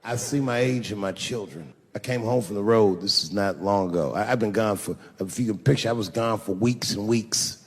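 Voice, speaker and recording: A man's voice: on the low side, normal speed, hardly any pauses, slight background noise. A man in his forties performing a crude, conversational stand-up set and riffing with the audience. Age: 40s. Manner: crude, conversational storytelling, riffs with the crowd. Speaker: stand-up comedian.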